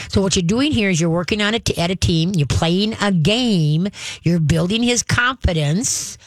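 In an advice conversation, an emphatic dog trainer guides an owner step by step, frequently asking "all right?" and demonstrating growls and stern commands. His pitch is mid-range, and the recording is dry and close without any room sound.

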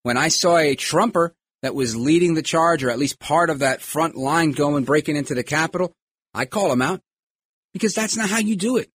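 Man, podcast host, husky slightly high voice, emphatic political monologue. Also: moderate pace, a bit bright. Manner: emphatic, acts out quoted voices.

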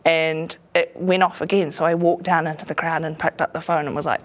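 A woman's voice: sits low, a little fast, few pauses. A woman with a New Zealand accent, a comedian and actor telling casual anecdotes in an interview, acting out voices and laughing often. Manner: lively storyteller who acts out voices and laughs often.

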